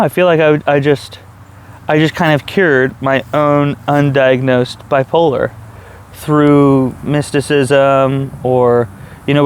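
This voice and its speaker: A man's voice: mid-range voice, a little hiss or hum. A man talking to camera in a casual, reflective monologue, rambling with many restarts and fillers. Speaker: vlogger. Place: outdoors.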